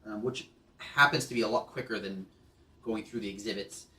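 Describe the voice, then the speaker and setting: A man's voice: fairly low pitch, fairly even intonation, normal speed, pushed and bright, echoey room, far from the mic, a little hiss or hum. A man narrating a tabletop game as game master, hesitant with many ums and restarts.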